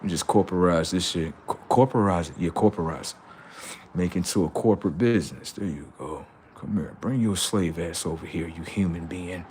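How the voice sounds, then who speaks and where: A man's voice: low-pitched, normal speed, darkish tone, a little hiss or hum. A man ranting on a livestream, profane and mocking, laughing often. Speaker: streamer. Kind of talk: casual livestream rant.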